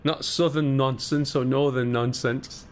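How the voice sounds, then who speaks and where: This live streamer speaks in a steady, medium-pitched voice, a little on the slow side, with a Black Country English accent from the Midlands. He's chatty, trading banter with viewers while going through the cockpit start-up steps.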